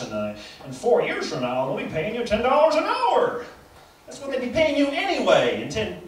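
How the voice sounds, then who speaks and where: A man performing a profane stand-up comedy set, rambling and swinging between low mumbles and loud bursts. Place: small theater stage. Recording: roomy, distant live club recording with audience noise.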